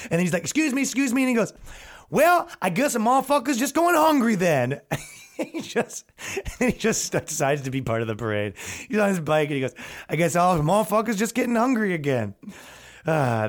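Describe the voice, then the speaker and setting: A young man, a comedian and podcast host, telling rambling, jokey stories in a casual monologue and acting out the people he saw. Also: mid-range voice.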